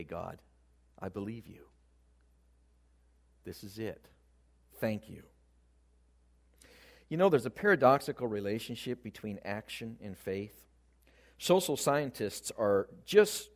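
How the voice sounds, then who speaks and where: A man delivers a sermon with a mid-pitched voice that swings widely in tone. He leans hard on key words, his volume rising and dropping as he drives each point home. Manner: animated, shifts emphasis and loudness freely. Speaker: preacher.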